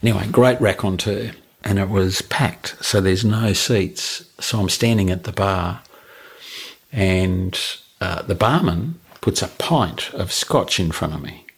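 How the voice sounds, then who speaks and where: A man's voice: sits low, a little slow, vocal fry, breathy edge. A man telling a comic story, chatty and self-mocking. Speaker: storyteller, former street performer.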